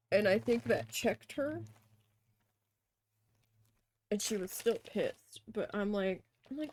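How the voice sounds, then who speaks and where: Speaking slowly with long pauses, this woman has an expressive, mid-range, darkish voice. She's a crafting vlogger needle felting and chatting casually, her storytelling blunt and full of swearing. A slight background noise is audible.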